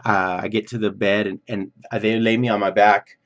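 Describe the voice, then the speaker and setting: Low-voiced man telling a story, lo-fi. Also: normal speed. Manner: animated, swears freely, acts out others' voices. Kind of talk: casual storytelling vlog.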